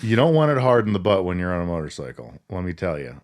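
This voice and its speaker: A man with a fairly low voice casually recaps a movie for a podcast. He tells the plot in a laid-back, joking way, with crude humor mixed in. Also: sing-song, fast talker. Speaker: podcast co-host.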